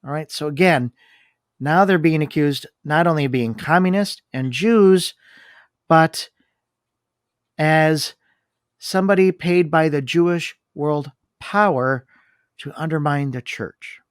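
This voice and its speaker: A man's voice: on the high side, slow, long pauses, no room sound, clean studio sound. A man co-hosting a discussion, reading long book passages aloud and commenting on them. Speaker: podcast co-host.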